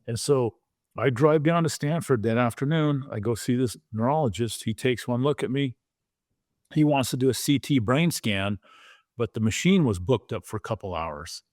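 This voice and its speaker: A man in his sixties, a former pro football player, telling a story on a podcast in a vivid, animated way and acting out the quoted lines. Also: medium pitch, normal speed, no room sound, clean studio sound.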